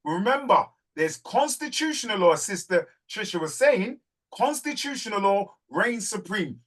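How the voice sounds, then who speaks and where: A man with a high, lively voice hosts a community call. He talks like a preacher, urging his listeners on and hammering home key words. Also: moderate pace. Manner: preacherly, urges listeners, repeats words for stress. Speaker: host of a community group call. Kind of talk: fervent live group talk.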